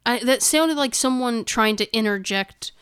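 A woman co-hosting a casual podcast chat, talking in an animated way and laughing often. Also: on the high side, moderate pace, smooth. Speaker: podcast co-host. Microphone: studio microphone.

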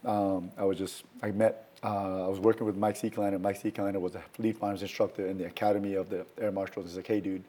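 A man telling a story as a guest in a conversation. He talks casually and acts out quoted lines with sudden loud jumps in pitch. He swaps in mild words where he would swear. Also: little pitch movement, fast talker, few pauses. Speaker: guest, firearms trainer.

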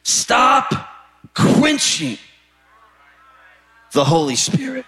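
A pastor preaching a sermon with emphatic, repetitive phrasing that rises to shouted peaks. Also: male voice, very high-pitched, very animated, extremely slow. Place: church sanctuary.

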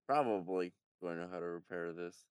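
A man in a tabletop game with a very deep voice and a smooth, clean tone. He talks in a relaxed, low-key way, and the recording sounds dry and close. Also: brisk, no room sound. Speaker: player. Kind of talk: casual tabletop play.

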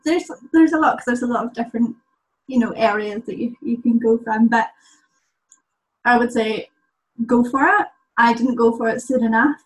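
Thoughtful woman rally navigator, higher voice. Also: moderate pace, long pauses, rough recording. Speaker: rally navigator and podcast co-host. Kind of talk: casual conversational interview.

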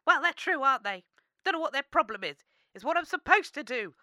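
A woman playing a blunt, bright fortune teller. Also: high voice, sing-song, a little fast, no room sound, studio quality, exaggerated voice. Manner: matter-of-fact, then mock-mystic wailing chants. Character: blunt, brutally honest female fortune teller. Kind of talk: comedy radio sketch acting.

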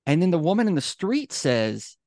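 A man co-hosts a podcast in a fairly high voice with big pitch swings, normal speed and a slightly mellow quality, captured dry at studio quality. A chatty storyteller, he uses many fillers and gets fired up in casual conversation.

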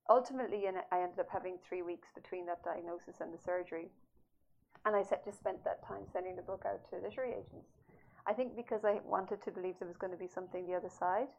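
A woman's voice: fairly low pitch, fast, a little mellow. A woman author as an interview guest, telling her story animatedly and laughing often. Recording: slightly dull audio with faint noise.

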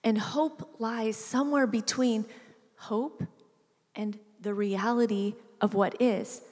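Lady preacher, bit high voice, tells a story and does the voices, big echoey hall. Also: slow pace. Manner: storytelling, acts out voices with animated shifts. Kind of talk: sermon with personal story. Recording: reverberant hall.

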